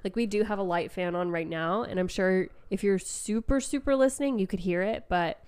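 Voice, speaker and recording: A woman's voice: medium pitch, fairly quick, darkish tone, smooth. A woman co-hosting a podcast in casual chat, a little congested, speaking into a mic on a stand and filling her talk with "like" and "um". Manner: chatty, full of "like" and "um" fillers, laughs often. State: slightly congested. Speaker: podcast co-host. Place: indoor room at a small table. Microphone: microphone on a stand.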